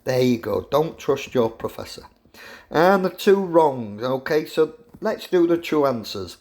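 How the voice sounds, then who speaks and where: A man's voice: mid-range voice, animated, measured pace, darkish tone. A middle-aged man, a university professor giving a jokey, teasing lecture to his students. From England.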